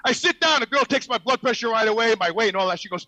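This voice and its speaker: An older man telling a loud, swearing story on a podcast and acting out the other people in it. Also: extremely high pitch, big pitch swings, a little fast, rough recording. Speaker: podcast regular. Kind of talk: profane storytelling.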